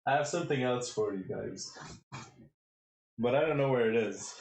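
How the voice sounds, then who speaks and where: A man's voice: medium pitch, normal speed, creaky, a little mellow. A man commentating a chess tournament on his live stream, casually teasing his chat and quizzing viewers. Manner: playful, teasing the chat with quiz questions.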